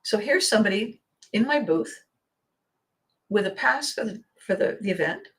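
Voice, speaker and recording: A woman's voice: medium pitch, expressive, normal speed. A middle-aged woman hosting a podcast, telling a story animatedly and laughing often. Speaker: podcast host. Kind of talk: storytelling monologue.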